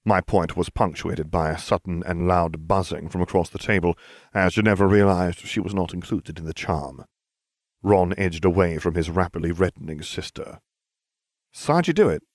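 A man reading a fan fiction story aloud as narrator in a dry, even-toned way, switching into lively character voices. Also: low voice, moderate pace, no room sound.

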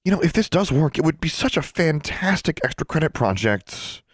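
A man voicing an excitable, eager schoolgirl in an audiobook, gushing and chatty. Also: a little high, moderate pace, no echo, studio quality, voice pushed up. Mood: excited.

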